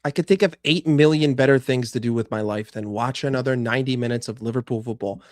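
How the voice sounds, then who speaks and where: A man's voice: medium pitch, quick pace, no room sound, studio quality. A young man streaming live, frustrated and swearing as he rants and answers chat about his football team. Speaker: fan channel streamer.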